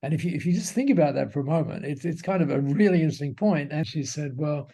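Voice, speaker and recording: Gravelly, warm-voiced man telling a story. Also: on the high side, expressive, fast. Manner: reflective, with frequent restarts and repeated words. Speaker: guest, company cofounder. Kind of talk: anecdotal storytelling in an interview.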